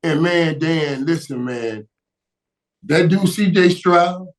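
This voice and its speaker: A man's voice: fairly high pitch, slow. A man, a guest on a sports talk show, talking emphatically, repeating himself and breaking into laughter.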